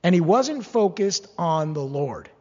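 A man preaching a sermon, animated and humorous, slipping into mock-whining voices as he acts out complaints. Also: on the high side, measured pace, long reverb tail, dull audio. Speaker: pastor.

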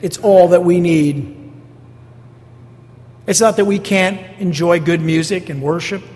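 Unhurried and a little mellow, this pastor's voice sits high as he preaches a sermon with emphasis. Key phrases come back again and again, along with rhetorical questions aimed at the congregation, all echoing with the long reverb of a church sanctuary.

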